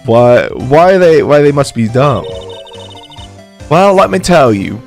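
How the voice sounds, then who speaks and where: A man's voice: medium pitch, very animated, slow, a little mellow, soft background music. A man voicing a feisty Southern woman camper with an exaggerated drawl, scolding and indignant, as a video game figure. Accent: exaggerated American Southern drawl.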